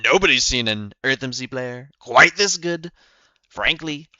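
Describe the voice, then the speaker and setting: A man's voice: medium pitch, expressive, a little slow, sharp tone, no room sound, dull audio. A young man putting on the voice of a boastful older male politician, bragging in repetitive superlatives with a strained throat.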